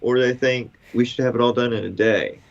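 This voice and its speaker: A man's voice: medium pitch, steady tone, brisk, gravelly, lo-fi sound. A man who cleans windows, chatting in a laid-back way on a casual podcast and saying "dude" a lot. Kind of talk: casual chat.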